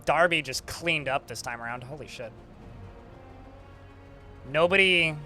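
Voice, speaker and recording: Bright-voiced man streaming a game. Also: a little high, a little slow, soft background music. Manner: chatty, swearing, talks to chat. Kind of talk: casual gameplay commentary.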